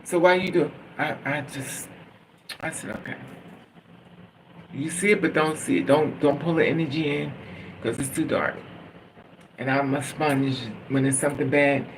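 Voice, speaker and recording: A man with a slightly high, gravelly voice tells his story casually. He rambles, swears freely and keeps laughing at his own telling, with a faint hiss of noise behind him. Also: level tone, moderate pace, long pauses. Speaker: storytime vlogger.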